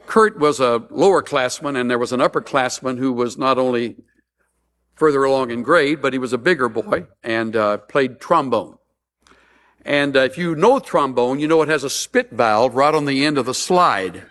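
A man's voice: mid-range voice, normal speed, a bit bright. A man preaching a sermon as a pastor, mixing humorous stories with earnest appeals.

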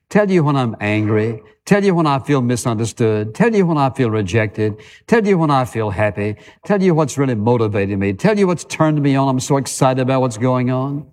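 A man's voice: medium pitch, a little mellow. Man preaching in a reverberant church. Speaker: pastor. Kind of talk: sermon. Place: church sanctuary. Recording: long hall reverb.

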